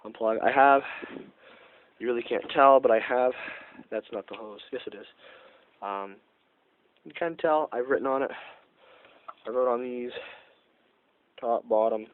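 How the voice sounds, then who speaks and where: A man's voice: medium pitch, unhurried, pauses often. Young male vlogger, nasal from a cold, rambling and self-correcting, tinny lo-fi audio. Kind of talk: casual car-repair vlog.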